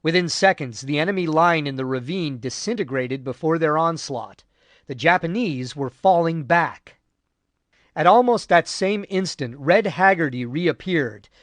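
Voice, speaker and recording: A man narrating a war history audiobook in a measured, grave way. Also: fairly high pitch, expressive, fairly bright tone, dry recording, clean studio sound. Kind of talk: scripted narration.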